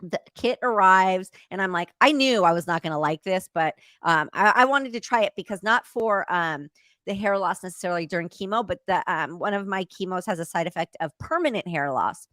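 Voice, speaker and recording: A woman's voice: on the low side, lively intonation, a little fast, fairly bright tone, no room sound, studio quality. A woman talking openly and matter-of-factly in casual chat, easygoing in tone. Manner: open, matter-of-fact, easygoing. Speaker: podcast host.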